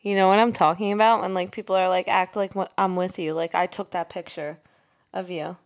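A young woman co-hosting a podcast, telling stories in quick bursts and quoting what others said. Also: fairly low pitch, steady tone. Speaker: podcast co-host. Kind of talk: casual chat.

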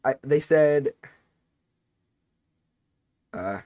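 A teenage man casually telling a long story on a podcast, rambling and animated, with many restarts. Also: mid-range voice, moderate pace, no room sound, studio quality. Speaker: podcast co-host.

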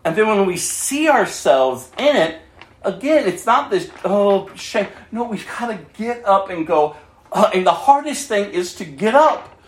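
Man, pastor, high voice, earnest sermon, reads scripture, chuckles, echoey room. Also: big pitch swings, normal speed.

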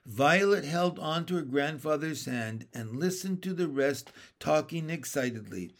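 Man, storybook narration, slow pace, lively pitch, slightly higher voice. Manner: slow, expressive reading. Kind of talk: children's storybook reading.

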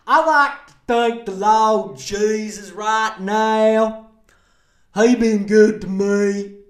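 A man voicing a young female contest winner who gushes with thanks in a preachy, overly grateful way. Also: sits high. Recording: echoey room, slightly off-mic.

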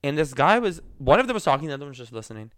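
A young man chats casually on a podcast, his voice sitting a bit high and sounding smooth and clear. He tells a story in a rambling, animated way, full of likes and laughs. The sound is dry and close. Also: racing, no echo. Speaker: podcast co-host.

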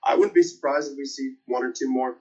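A man's voice: mid-range voice, brisk, warm tone. A man giving plainspoken takes as a panelist in casual sports talk. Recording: dull lo-fi call audio.

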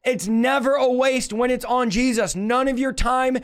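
A young man preaching on a livestream with a high-pitched voice. He teaches with emphatic energy and calls out to viewers. He reads scripture aloud and presses his points. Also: fairly even intonation, normal speed, clear, resonant tone.

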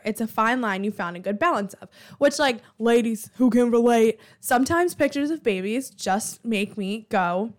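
A young woman in her twenties, chatting casually and with sarcasm as she tells dating stories, full of filler words. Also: on the high side. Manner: chatty, animated, with frequent "like" fillers; sarcastic disbelief. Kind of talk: casual storytelling monologue.

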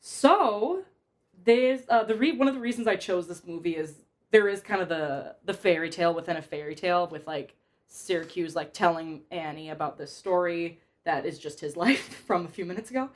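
A woman's voice: on the low side, expressive, moderate pace. Laughing young woman hosting a film chat. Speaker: podcast host. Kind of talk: casual film discussion.

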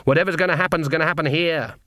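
A man's voice: on the high side, racing, sharp tone, dry recording, studio quality, pitched above the performer's own voice. A man reading an audiobook, voicing a stern, commanding elderly woman witch who speaks curtly.

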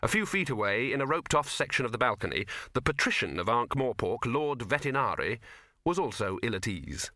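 A man's voice: medium pitch, sing-song, a little fast, pushed and bright, no room sound. A man reading a comic fantasy novel aloud in a dry, wry manner. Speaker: audiobook narrator. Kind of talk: scripted narration. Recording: dry close studio recording.

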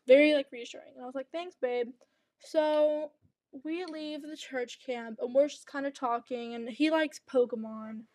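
A young woman co-hosting a casual podcast, her voice high and chatty. She rambles through her story with plenty of restarts. The sound is dry and close, with no room echo. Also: moderate pace, a little mellow. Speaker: podcast co-host. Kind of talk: casual chat.

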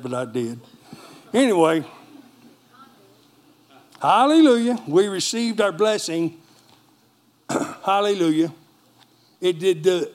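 A middle-aged male pastor preaching a sermon with lively storytelling and call-and-response asides to the congregation. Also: high-pitched.

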